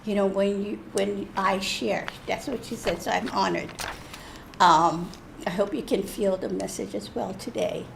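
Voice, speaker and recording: Gravelly-voiced woman telling a church story. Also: medium pitch, unhurried, background noise. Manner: lively, self-mocking storytelling with laughs. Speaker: church speaker. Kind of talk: personal story shared at a church service. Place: church hall.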